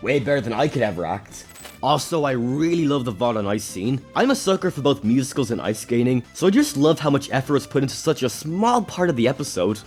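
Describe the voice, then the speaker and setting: A young man giving scripted video-essay commentary, sarcastic and expressive, with casual swearing. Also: medium pitch, brisk, soft background music. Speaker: YouTube show reviewer.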